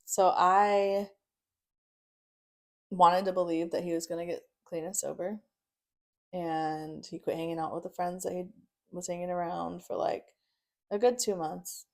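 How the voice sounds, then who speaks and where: Young woman, lowish voice, blunt and profane, acts out every quote, laughs through it. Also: steady tone, unhurried, long pauses, a little mellow. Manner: swears freely, acts out quotes, laughs often. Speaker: podcast guest. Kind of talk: casual storytelling.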